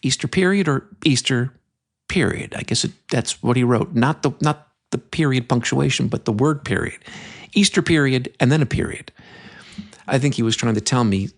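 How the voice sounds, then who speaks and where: A man hosting a podcast, reading out a list of odd holidays and cracking playful jokes about each. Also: mid-range voice. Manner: playful, joking asides. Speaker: podcast host. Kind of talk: comedic podcast monologue.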